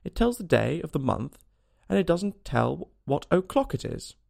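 A man's voice: fairly high pitch, very animated, moderate pace, gravelly, a little mellow, voice pushed up, exaggerated voice. A man voicing Alice, an earnest, polite young girl who turns prim and indignant.

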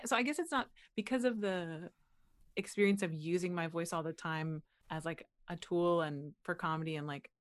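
A young American woman from Pennsylvania, a voice actor chatting as an interview guest, animated and quick to laugh. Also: low-pitched. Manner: animated, laughs often, frequent "like" fillers. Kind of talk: casual interview chat.

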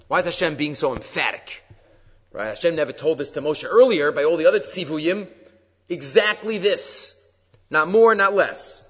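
A man's voice: a little high, a bit bright. A male rabbi gives a Torah lecture. He reads verses, translates them and poses rhetorical questions to his listeners. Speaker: rabbi teaching weekly Torah class. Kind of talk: Torah lecture, explaining sources. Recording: dull lo-fi sound with long reverb.

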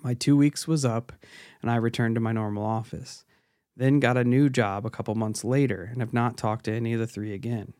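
A man's voice: mid-range voice, steady tone, a little fast, a little mellow, no echo, clean studio sound. A male podcast host chatting casually and reading a listener's story aloud in a laid-back, profane way.

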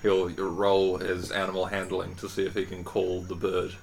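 A man's voice: low voice, completely flat delivery, normal speed, creaky, slight background noise. A man playing a tabletop game, hesitant and stammering, often apologetic. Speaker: player. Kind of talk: casual tabletop game play.

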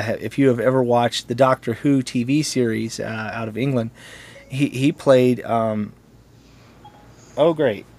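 A man's voice: medium pitch, a little mellow. Chatty, joking man telling stories. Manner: jokey, rambling, laughs at his own stories. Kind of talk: casual conversational storytelling.

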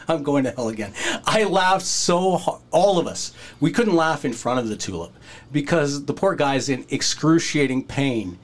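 A man hosting a podcast, telling a wrestling locker-room story in a casual, animated way and acting out the voices of the people in it. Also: a little high, moderate pace. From Canada. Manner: animated, acts out quoted voices, breaks into laughter.

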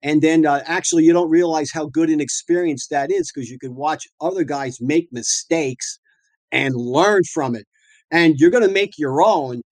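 A middle-aged dentist who owns his own practice, from the northeastern United States, appears as a guest and spins anecdotes at a normal speed. He's a lively, colloquial storyteller who keeps dropping fillers and restarting sentences. His voice is slightly high for a man, recorded close and dry with no room echo.

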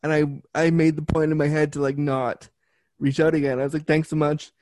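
A man's voice: fairly high pitch, level tone, fairly quick, darkish tone, no echo. A man talking as a guest, telling a personal story frankly and bluntly, with lots of fillers. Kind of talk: casual storytelling.

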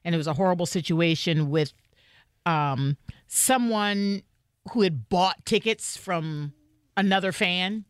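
A woman co-hosting a podcast in casual chat, telling stories in an animated way. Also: unhurried, clean tone, dry recording, clean studio sound. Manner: animated storyteller, pitch swings widely. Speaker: podcast co-host.

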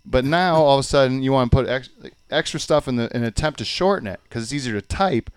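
A man's voice: medium pitch, quick pace, smooth, no room sound. A middle-aged man hosting a podcast, ranting and exasperated in casual chat and swearing freely. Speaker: podcast host.

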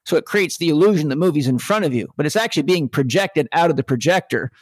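A man's voice: fairly high pitch, lively intonation, fast talker, slightly rough, no room sound. A man speaking earnestly and reflectively on a spiritual podcast. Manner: earnest, reflective, quotes sayings.

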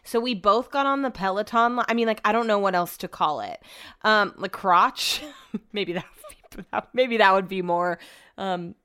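Recording from an upstairs room in her home, a young woman podcast host chats casually, telling meandering everyday stories full of swearing. She speaks at normal speed in a medium-pitched voice that's bright, forceful, and smooth.

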